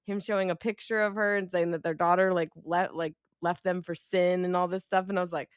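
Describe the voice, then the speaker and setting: A woman's voice: fairly low pitch, steady tone, fairly quick, clean tone, no echo. A young adult woman co-hosting a casual movie review chat, swearing freely and laughing as she retells scenes. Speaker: podcast co-host.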